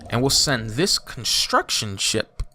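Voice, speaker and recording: Male YouTuber, let's play commentary; bright tone, swooping pitch, excited outbursts. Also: takes it slowly, a little hiss or hum. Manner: chatty, thinking aloud, bursts of excited exclaims. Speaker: YouTuber playing a strategy game.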